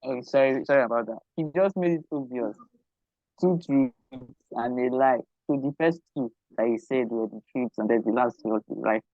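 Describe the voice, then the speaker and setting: A man taking part in an online game, eager and quick to apologize. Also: medium pitch, warm tone, no room sound, highs cut off. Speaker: participant. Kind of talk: casual video call chat.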